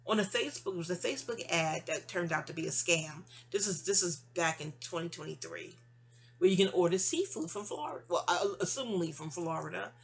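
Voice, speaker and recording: A woman's voice: fairly low pitch, expressive, fairly quick, slightly rough. A woman hosting her own channel, venting in a casual, rambling monologue full of restarts and trailing asides. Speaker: channel host.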